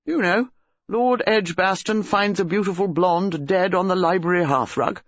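A reader voicing a grumbling, sleepy old English colonel who speaks gruffly and dismissively, in a dull lo-fi storybook recording. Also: mid-range voice, huge pitch swings, normal speed, no echo, full character voice.

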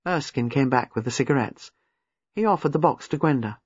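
A man narrating a novel in an expressive, lively reading. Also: mid-range voice, a little fast, breathy edge, dry recording. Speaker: audiobook narrator. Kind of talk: scripted narration. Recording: slightly muffled, dry.

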